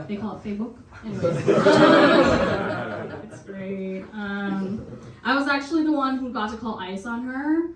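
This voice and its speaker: A young woman performing a deadpan stand-up set, laughing at her own jokes. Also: on the high side, slow pace, slight background noise. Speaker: stand-up comic. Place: basement comedy show. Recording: echoey basement, far from mic, crowd. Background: audience laughter.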